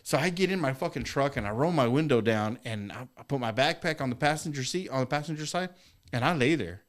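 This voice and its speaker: A man's voice: mid-range voice, lively intonation, quick pace. A middle-aged man telling a story as a podcast guest, laughing and swearing often as he goes. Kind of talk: casual storytelling. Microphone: studio microphone.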